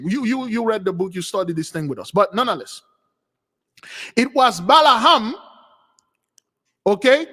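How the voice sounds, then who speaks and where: A man teaching a spiritual lesson as an animated storytelling sermon. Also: sits high. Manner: animated storytelling, acts out voices. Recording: long hall reverb.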